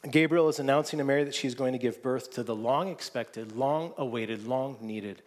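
A man's voice: mid-range voice, normal speed. A man preaching a sermon, earnest and often restarting his words, rising into emphatic stretches. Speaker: pastor.

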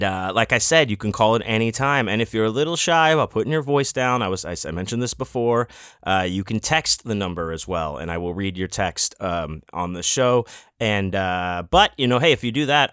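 A man's voice: on the low side, fairly bright tone, clean tone, no echo, studio quality. A man hosting his own podcast in casual solo talk, rambling and playful. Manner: rambling and playful, many fillers and restarts. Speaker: podcast host.

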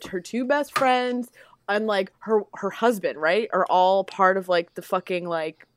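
A woman co-hosting a podcast, rambling through a profane, casual movie recap full of "like" and quick asides. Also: mid-range voice, steady tone, a little hiss or hum. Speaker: podcast co-host.

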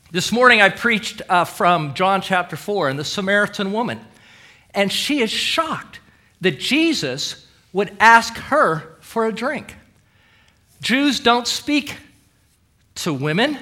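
Animated, bright-voiced male preacher. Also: high voice. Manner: emphatic preaching, dramatic pauses, quoting scripture. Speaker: pastor. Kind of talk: sermon.

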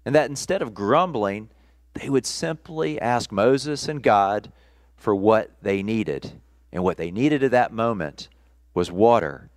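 A male pastor delivers a sermon at an unhurried, measured pace, pausing between phrases. His voice sits low, and the sound is dry and close, with little room echo. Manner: slow, deliberate preaching with pauses. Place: church, streamed service.

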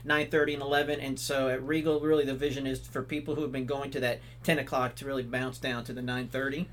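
A man's voice: medium pitch, flat delivery, quick pace, a bit bright, a little hiss or hum. A man, an executive pastor speaking as a podcast guest, enthusiastic and explanatory. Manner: enthusiastic, explanatory, many restarts and fillers. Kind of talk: casual podcast interview.

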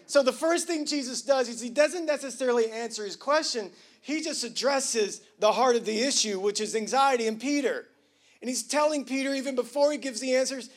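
A pastor preaching to his congregation in a high, lively voice. He talks in casual slang and jokes with the room. He drops almost to a whisper, then climbs loud and emphatic. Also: brisk. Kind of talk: sermon.

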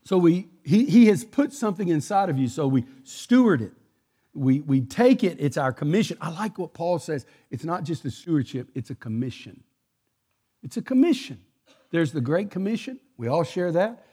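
An older man with a Texan drawl preaches a sermon in a church, swinging from folksy jokes to emphatic repeated lines. His voice sits fairly high for a man and moves with wide, animated swings. The tone has a slightly husky edge. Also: moderate pace. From Texas. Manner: folksy, joking asides, emphatic repetition. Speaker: pastor. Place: church sanctuary.

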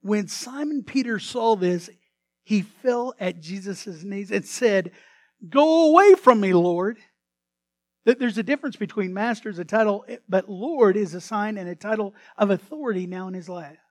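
A man preaching a sermon as pastor, swinging between hushed asides and sudden loud bursts. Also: high voice, moderate pace, no echo.

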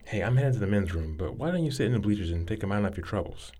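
An actor playing a friendly, humble, folksy man who chats gently and warmly with a young woman. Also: lowish voice, lively intonation, very fast.

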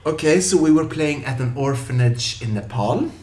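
A professional clown telling lively stories in an interview, acting out scenes with yelps and funny voices. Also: male voice, medium pitch, moderate pace. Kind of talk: animated storytelling in an interview. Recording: echoey room.

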